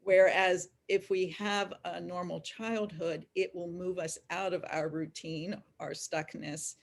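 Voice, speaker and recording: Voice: medium pitch, flat delivery, measured pace, vocal fry. A speaker in a reflective spiritual discussion, earnest and explanatory. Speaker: discussion panelist.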